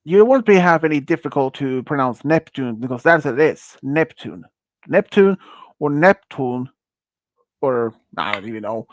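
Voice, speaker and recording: A man's voice: mid-range voice, lively intonation, moderate pace, few pauses, dry recording. A man hosting a casual quiz on a stream, reading out questions and answers with many fillers, restarts and awkward phrasing. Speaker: quiz host.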